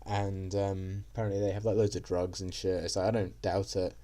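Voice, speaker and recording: A man's voice: low-pitched, flat delivery, a little fast, warm tone. A young man vlogging in a rambling, self-deprecating monologue full of fillers. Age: young adult. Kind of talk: casual monologue.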